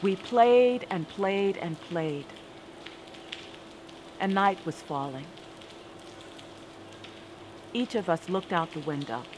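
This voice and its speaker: A woman performing a spoken-word story with a deliberate, dramatic delivery and rhythmic repetition. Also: on the low side, background noise.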